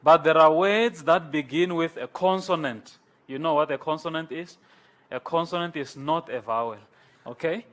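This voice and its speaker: A man lecturing a class on Greek, slow and halting, with many pauses and repeated words. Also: fairly high pitch, fairly bright tone.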